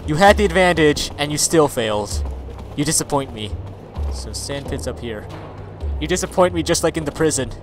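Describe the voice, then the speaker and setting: Male gamer with a high, swooping voice, profane, quick to yell, faint game music underneath. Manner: excitable, swears a lot, yells at his companion. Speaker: gaming video creator. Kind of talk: let's play commentary.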